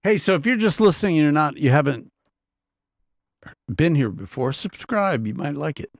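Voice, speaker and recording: Guy doing a laid-back bible teaching, talky, keeps asking if you follow, lively voice that jumps around, dry sound. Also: on the high side, normal speed, creaky, no room sound. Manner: conversational, keeps checking listeners follow.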